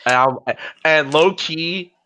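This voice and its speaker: A man co-hosting a podcast in casual chat, animated and acting out scenes as he talks. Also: a little high, takes it slowly, a little hiss or hum. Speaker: podcast co-host. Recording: muffled lo-fi podcast audio.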